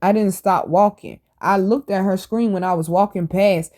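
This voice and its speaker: A woman hosting a podcast, telling stories in a casual, animated and blunt way, full of slang and swearing. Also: mid-range voice, moderate pace. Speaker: podcast host. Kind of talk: casual storytelling monologue.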